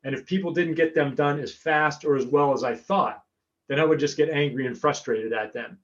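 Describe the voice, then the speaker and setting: A man's voice: on the high side, moderate pace, lo-fi sound. An American man giving a chatty talk as guest speaker over a remote call, often repeating words as he goes. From United States. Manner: chatty, repeats words while finding his thread. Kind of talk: webinar presentation. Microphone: remote call audio.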